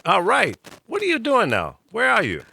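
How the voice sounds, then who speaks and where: A man's voice: high-pitched, wildly swooping pitch, moderate pace, creaky, sharp tone, slightly rough. A middle-aged man from the American South hosting a call-in talk show, ranting animatedly and preachily. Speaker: host.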